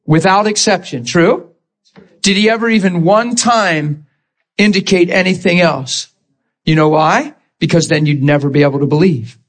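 A male preacher delivering a sermon in a slightly high voice. He is emotional and vivid, acting out scripture scenes as he goes and breaking into laughter now and then. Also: moderate pace.

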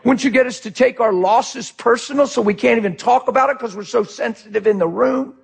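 Gravelly high-voiced man preaching passionately. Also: fairly quick. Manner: passionate, swings from shouting to quiet. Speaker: pastor. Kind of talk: sermon.

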